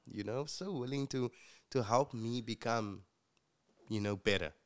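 Clean in tone and measured in pace, his mid-range voice belongs to a South African man. He's the guest and future co-host of a casual interview, sharing his life story with earnest reflection and plenty of fillers.

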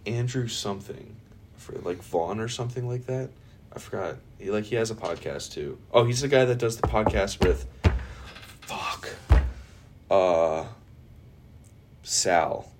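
A man's voice: lowish voice, a little slow, long pauses, noisy background. A young man hosting a podcast, chatting casually, joking and swearing a lot. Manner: swears freely, jokey. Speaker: podcast host. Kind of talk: casual chat.

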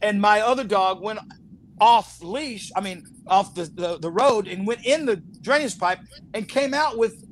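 A man giving an animated interview, telling stories, laughing often and acting out what people said. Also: high-pitched, unhurried, a little hiss or hum. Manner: animated storyteller, laughs often, acts out quotes. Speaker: interview guest, actor. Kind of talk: casual storytelling interview.

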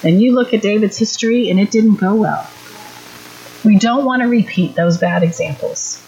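A woman's voice: mid-range voice, normal speed, dark tone, slight background noise. Earnest woman teaching on parenting. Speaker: parenting workshop speaker. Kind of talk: church teaching talk. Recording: dull lo-fi recording.

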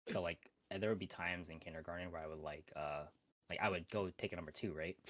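A man's voice: sits low, fairly even intonation, quick pace, a bit bright, no echo. A young man telling a story on a casual podcast, rambling with lots of restarts. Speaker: podcast co-host.

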